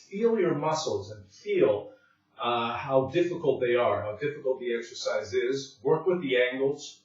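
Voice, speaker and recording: Man, home fitness instructor, winded mid-set, recorded on a distant camera mic in a boomy room. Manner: breathless, puffing between sets, many fillers. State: out of breath. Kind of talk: casual workout demonstration. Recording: very echoey room, distant mic, dull sound.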